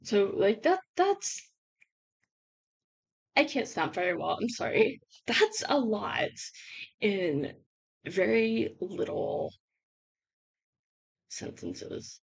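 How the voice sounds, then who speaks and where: Hoarse, bubbly woman reviewing a book. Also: medium pitch, very animated, slow, long pauses, lo-fi sound. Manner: bubbly, chatty with many fillers. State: voice giving out, hoarse. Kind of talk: casual vlog book review.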